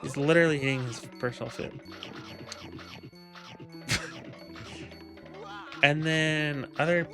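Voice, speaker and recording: A man's voice: a little high, fairly even intonation, slow pace, long pauses, music in the background. A man casually telling a rambling, profane story, full of ums, laughs and quoted lines. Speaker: gaming video creator. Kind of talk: casual storytelling over gameplay.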